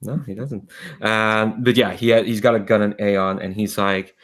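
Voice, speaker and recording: Man, game master, tabletop game narration, hesitant, ums and restarts, slightly low voice. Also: fairly even intonation, moderate pace, few pauses.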